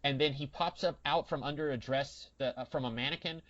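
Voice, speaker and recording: Guy in a podcast chat, mid pitch, wry and rambly, kinda dull lo-fi sound. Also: brisk, fairly bright tone. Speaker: podcast co-host. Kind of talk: casual chat.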